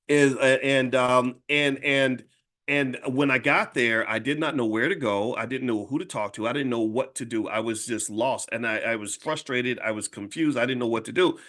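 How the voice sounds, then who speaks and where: A man's voice: medium pitch, fairly bright tone. A middle-aged man and channel host casually telling a personal story, often restarting sentences and repeating words as he goes. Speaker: finance educator and channel host.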